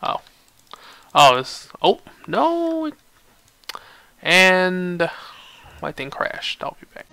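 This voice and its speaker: Bright-voiced man commenting on gameplay. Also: high voice, huge pitch swings, creaky, no room sound. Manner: halting, thinking aloud. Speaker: let's play host.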